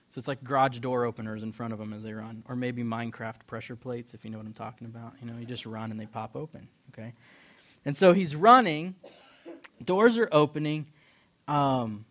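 A middle-aged man preaching a lively sermon, retelling a Bible story and acting out the characters in quick voices while joking with his listeners. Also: mid-range voice. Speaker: pastor or Bible teacher.

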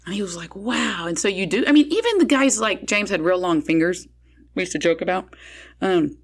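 A woman in a casual chat, animatedly telling a family story and acting out what people said. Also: a little fast. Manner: animated storyteller who acts out quotes with big pitch jumps.

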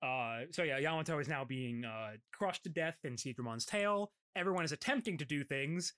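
A man's voice: fairly high pitch, expressive, normal speed, a bit bright. A man co-hosting a casual podcast, recapping an anime episode with frequent laughter and lots of fillers. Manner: laughs often, filler-heavy, reads out dub lines. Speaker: podcast co-host.

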